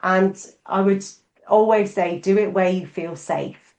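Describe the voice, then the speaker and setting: A woman's voice: mid-range voice, measured pace, vocal fry, darkish tone. A middle-aged woman co-hosting a podcast, talking openly and thoughtfully with many fillers. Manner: open, thoughtful, frequent fillers. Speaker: podcast co-host. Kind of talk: casual conversational chat. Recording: roomy echo.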